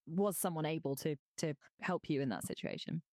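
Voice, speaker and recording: A woman's voice: deep voice, a little fast, a little mellow, no echo, clean studio sound. A woman interviewing a guest, sympathetic and encouraging.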